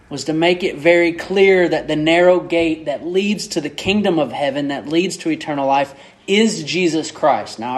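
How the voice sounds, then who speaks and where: A man preaching a sermon as pastor, measured and repeating key words for emphasis. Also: a little high.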